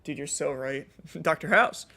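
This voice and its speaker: A man's voice: a little high, a little slow, vocal fry, bright, forceful tone. A young man streaming a co-op game, bantering and joking with friends and chat. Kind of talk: casual gaming stream chat.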